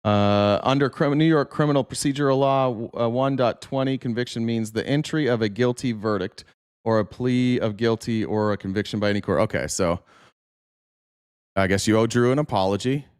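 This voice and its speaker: A man's voice: medium pitch, moderate pace, a little mellow, smooth, dry recording, clean studio sound. Blunt, profane male political commentator.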